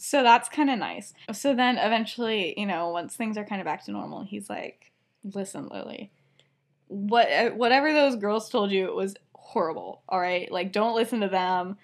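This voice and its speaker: A young woman co-hosting a podcast, casually retelling a fan story with lots of fillers, giggles and quick quoted lines. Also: mid-range voice. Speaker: podcast co-host.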